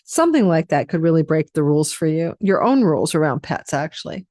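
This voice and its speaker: A woman's voice: low voice, sing-song, a little fast, darkish tone, no echo, studio quality. A tired woman astrologer giving a rambling, chatty forecast and running through lists of possibilities. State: tired, yawning.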